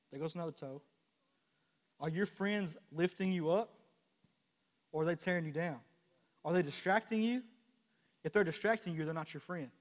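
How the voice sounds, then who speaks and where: Young male preacher in reverberant church. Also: a little high. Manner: impassioned, swinging from quiet confession to loud exhortation; repeated rhetorical questions. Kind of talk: sermon. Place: church sanctuary. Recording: long church hall reverb.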